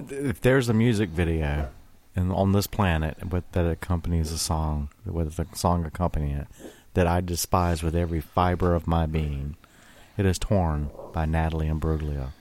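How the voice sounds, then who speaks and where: A man's voice: low-pitched, moderate pace, a little mellow. A man co-hosting a podcast, ranting with a lot of swearing in casual chat. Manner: ranting, profane. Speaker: podcast co-host.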